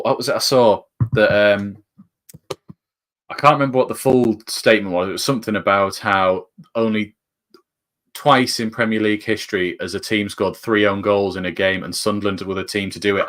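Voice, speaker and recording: Chatty northern English fan commentator. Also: male voice, on the low side, steady tone, moderate pace, fairly bright tone. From northern England. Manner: chatty, jokey, rises sharply with the play. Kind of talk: live fan commentary on a match.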